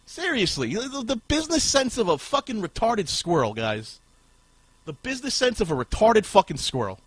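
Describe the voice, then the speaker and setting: A man hosting a podcast, ranting furiously and swearing, with shouted bursts. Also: sits high, very animated, unhurried, long pauses, husky, no room sound. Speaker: podcast host. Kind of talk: profane ranting podcast talk.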